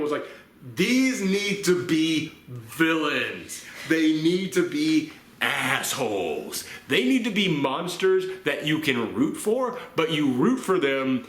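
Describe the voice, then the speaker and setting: Exasperated ranting man, bright voice. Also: fairly high pitch, very animated, slow pace. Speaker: movie reviewer. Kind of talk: casual ranting chat. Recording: roomy echo.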